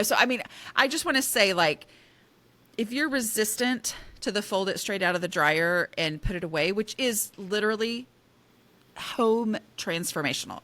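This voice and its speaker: Bright-voiced woman chatting animatedly. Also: mid-range voice. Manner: animated, self-deprecating, emphatic. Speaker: guest author on decluttering. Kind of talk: casual interview chat.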